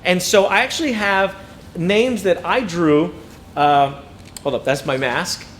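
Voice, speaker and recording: A man's voice: high voice, unhurried, slight background noise. A man in his thirties telling personal stories as a motivational speaker to educators, acting out quotes and often repeating words. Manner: animated storyteller, acts out quotes, repeats words. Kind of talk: storytelling keynote speech.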